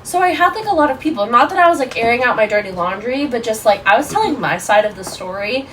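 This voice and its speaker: A woman in her twenties, a podcast guest, telling a story in a casual, animated way, full of "like". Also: on the high side, fast, distant mic, a little hiss or hum, rough recording. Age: 20s. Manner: animated, lots of fillers like "like".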